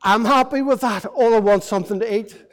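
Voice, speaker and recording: A man's voice: high-pitched, a little fast, long reverb tail, lightly acted. A man voicing a humble, pleading young son.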